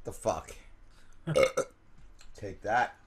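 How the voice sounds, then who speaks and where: A man's voice: on the low side, very slow, slightly rough. A man co-hosting a podcast in crude shock-jock style, brash and mocking, swearing constantly as he jokes. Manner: brash, profane, mocking, jokey. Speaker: podcast co-host.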